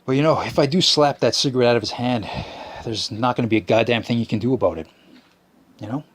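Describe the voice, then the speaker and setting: A man's voice: medium pitch, fast talker, slight background noise. A man hosting a podcast, ranting and complaining in a rambling, profane way, full of restarts. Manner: whiny complaining. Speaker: podcast host. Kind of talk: ranting monologue.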